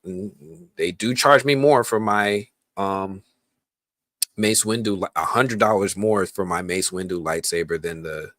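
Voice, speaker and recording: A man's voice: sits low, a bit bright, no echo. A man hosting a casual movie news podcast, talking loosely with lots of ums and restarts. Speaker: podcast host.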